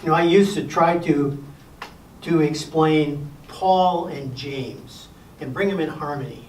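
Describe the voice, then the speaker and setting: A man's voice: a little high, slow, recorded from a distance, slight background noise. Older man giving a folksy class talk. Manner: folksy, wry asides and gentle humor. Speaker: Sabbath school presenter. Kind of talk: casual lecture to a class. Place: church classroom. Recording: echoey room recorded from afar.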